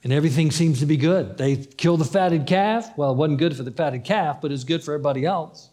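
Higher-voiced man preaching conversationally. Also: a little fast, darkish tone. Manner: conversational preaching, acts out the story's dialogue; repetitive, emphatic phrasing. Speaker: pastor. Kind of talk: sermon.

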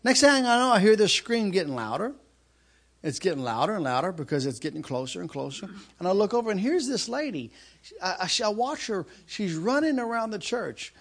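High-voiced man preaching a lively sermon. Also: a little fast. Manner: animated, with shouted outbursts and laughter. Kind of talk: sermon storytelling.

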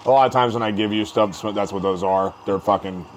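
Animated, swearing male podcast co-host. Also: on the low side, fast, a little hiss or hum. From American Midwest. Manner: animated storyteller, acts out his own quotes, swears freely. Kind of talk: casual chat.

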